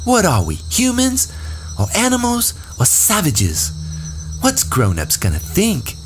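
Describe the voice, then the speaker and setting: A man putting on Piggy, a shrill, whiny boy. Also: wildly swooping pitch, unhurried, a little hiss or hum, full character voice. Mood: shrill protest. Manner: shrill and pleading. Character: whiny, frightened plump schoolboy. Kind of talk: audiobook character voice.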